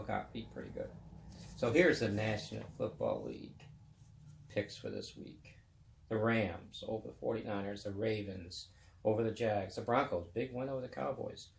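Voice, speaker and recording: A man's voice: lowish voice, creaky, roomy sound. A man in his fifties hosting a web chat show, talking about sports in a rambling, folksy, casual way. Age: 50s.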